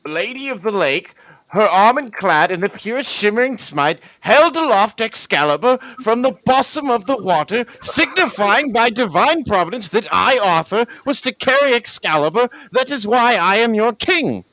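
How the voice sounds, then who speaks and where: A man's voice: high voice, lively intonation, moderate pace, pushed and bright, dry recording, low-quality recording. A man quoting a pompous medieval king in a put-on British accent, declaiming grandly. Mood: solemn, grandiose. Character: pompous medieval king proclaiming his right. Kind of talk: quoting a comedy film.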